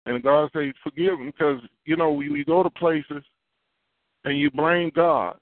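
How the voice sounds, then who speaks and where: In an unhurried, fairly high male voice, a prophet delivers an earnest, confessional sermon, circling back to his key phrases. The recording is dry with a tinny phone-line sound.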